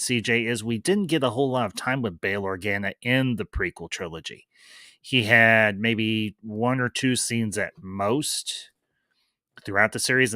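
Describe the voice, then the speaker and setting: A man with a drawl talks through a live-stream review in a loose, chatty way, full of fillers and restarts. His voice sits low but rings bright and forceful. It is recorded dry and close, with no room sound. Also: no room sound. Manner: chatty, loose, many fillers and restarts, greets chat viewers. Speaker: livestream host reviewing a series. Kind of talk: casual live-stream review, reading chat.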